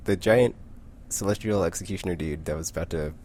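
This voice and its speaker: A man's voice: low voice, fairly quick, dark tone, a little hiss or hum. A man casually recapping a comic book, rambling with lots of "like" and frequent self-corrections.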